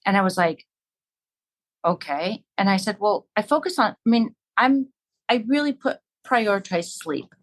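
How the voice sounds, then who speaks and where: A woman's voice: medium pitch, animated, moderate pace, a little hiss or hum, low-quality recording. A woman talking earnestly and reflectively in a casual podcast conversation.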